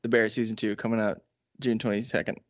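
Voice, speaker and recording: A man's voice: on the low side, flat delivery, fast, no room sound. A man co-hosting a podcast in casual, teasing chat. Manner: joking, teasing, does mock ads. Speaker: podcast co-host. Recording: dry, dull lo-fi podcast audio.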